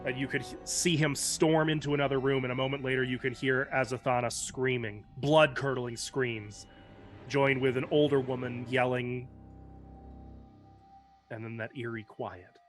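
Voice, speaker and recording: A man as game master, narrating a dark tabletop scene in measured, descriptive storytelling. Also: medium pitch, fairly even intonation, soft background music.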